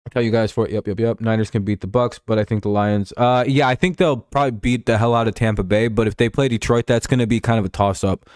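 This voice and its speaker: A man's voice: on the low side, fairly even intonation, fast, darkish tone, no echo, studio quality. A young man hosting a live stream, chatting casually about football in a rambling, profane way and reading out chat messages.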